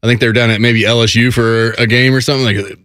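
A male co-host from trades quick jokes in a sports radio chat. His voice sits at an ordinary pitch. The room sounds close and dry. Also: level tone, fairly bright tone, dry recording. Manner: joking, quick banter.

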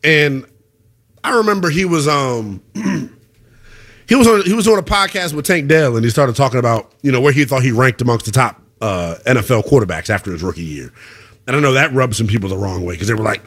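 A man's voice: mid-range voice, sing-song, brisk, a bit bright. A man hosting a sports talk radio show, emphatic and conversational. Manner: emphatic, conversational, calls people brother.

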